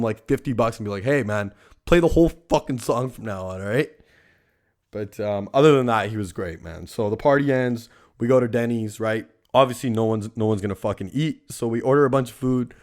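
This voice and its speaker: Speaking at medium pitch and a slightly quick pace, a young man hosts a casual show built on stories. His talk is profane and meandering, peppered with "right?" tags.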